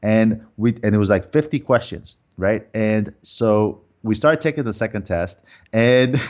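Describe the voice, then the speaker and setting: A man, a guest entrepreneur, telling personal stories in a lively, conversational way with many restarts. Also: fairly low pitch, a little slow. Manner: animated storyteller with frequent restarts. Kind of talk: conversational storytelling.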